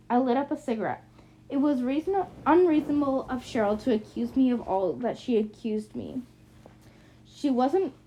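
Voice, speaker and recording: Woman, amateur first-person audiobook reader, frequent restarts, slightly high voice, lo-fi sound. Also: warm tone. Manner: plain reading with frequent restarts. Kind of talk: first-person novel narration, amateur reading. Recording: muffled lo-fi recording.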